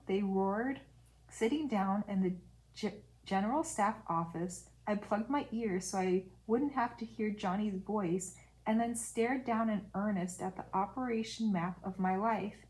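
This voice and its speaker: A woman's voice: medium pitch, unhurried, darkish tone, low-quality recording. A woman reading a novel aloud, stopping now and then for brief casual asides. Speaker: audiobook reader.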